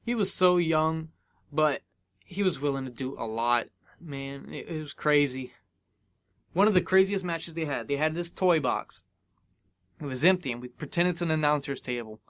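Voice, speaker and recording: Young man, american accent, casual podcast storytelling, fairly high voice, animated quoted dialogue. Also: normal speed. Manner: animated, acts out dialogue with big pitch jumps. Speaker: podcast host.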